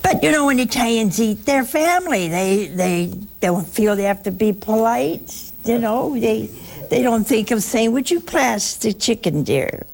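Older woman preacher, gravelly and folksy, faint hiss behind her. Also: fairly high pitch, unhurried, darkish tone. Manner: folksy storytelling, acts out voices. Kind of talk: sermon.

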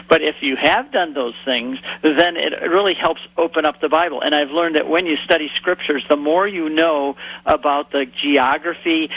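A man guesting on a radio talk show tells his story with eager, vivid detail. His voice sits a bit high and has a husky grain. The sound is close and dry. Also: a bit bright, no echo, dull audio. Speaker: guest, Bible teacher.

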